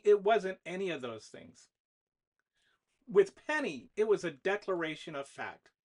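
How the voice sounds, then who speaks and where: An author reading a whiteboard novella aloud as the narrator, in an expressive manner. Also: mid-range voice. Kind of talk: storybook narration.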